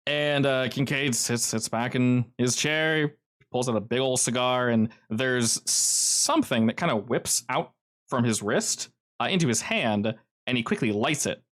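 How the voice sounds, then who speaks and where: A man narrating as game master in a casual, animated storytelling manner. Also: medium pitch, a little slow.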